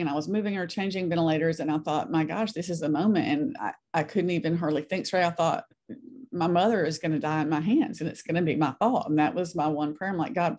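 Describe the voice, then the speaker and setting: Woman, middle-aged, earnest storyteller, faith podcast guest, lowish voice. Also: a little mellow. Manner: earnest, storytelling, acts out quotes.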